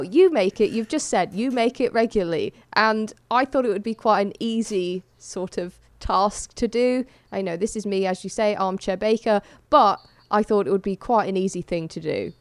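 A woman's voice: medium pitch, no room sound. A woman co-hosting a podcast, chatting casually and laughing often as she recaps a TV show. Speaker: podcast co-host.

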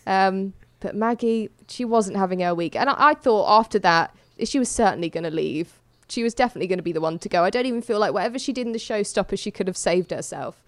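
A woman's voice: medium pitch, fast, hardly any pauses, no echo. A woman co-hosting a podcast, chatting casually and laughing often as she recaps a TV show. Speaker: podcast co-host.

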